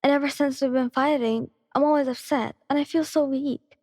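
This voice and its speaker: A woman voicing a sad young girlfriend breaking up, in a breathy, tearful ASMR storytelling voice. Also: high voice, steady tone, normal speed, no room sound, clean studio sound, long reverb tail, pitched above the performer's own voice, natural voice. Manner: tearful, hesitant and quiet. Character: sad, tired young girlfriend ending things.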